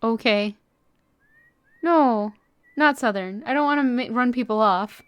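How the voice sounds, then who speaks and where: A woman's voice: a little high, measured pace, clear, resonant tone, no echo. An American woman streaming a video game, chatting with viewers in a playful, teasing way. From United States. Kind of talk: live-stream commentary.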